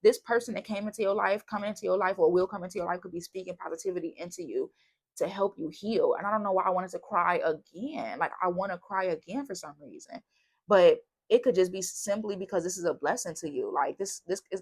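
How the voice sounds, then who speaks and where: A woman giving a casual tarot reading, chatty and bubbly, wandering off on tangents. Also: on the low side. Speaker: tarot reader.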